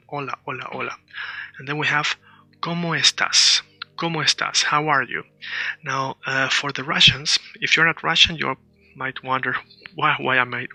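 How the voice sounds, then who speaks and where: A man teaching a relaxed beginners' Spanish class, explaining step by step and repeating each word so learners can follow. His voice is strikingly bright, and the recording is dry and close with no room sound. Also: mid-range voice, no echo. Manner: explanatory, repeats words for practice. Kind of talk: casual language lesson.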